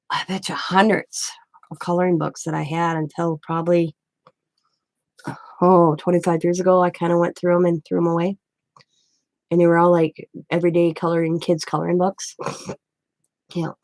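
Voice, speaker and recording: A woman's voice: on the low side, a little mellow, no echo. A middle-aged woman hosting a craft channel, chatting casually and rambling through stories while she works. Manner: rambling, storytelling with restarts.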